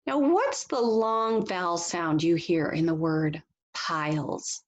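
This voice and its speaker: A woman teacher giving a read-aloud phonics lesson, reading slowly and deliberately and laughing softly now and then. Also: lo-fi sound. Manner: slow, deliberate reading with lively pitch and soft laughs.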